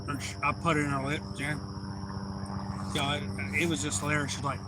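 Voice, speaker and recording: A man's voice: fairly high pitch, flat delivery, brisk, heavy background noise. A man telling a rambling family story on a livestream, folksy and swearing freely. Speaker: livestream host. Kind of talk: casual storytelling.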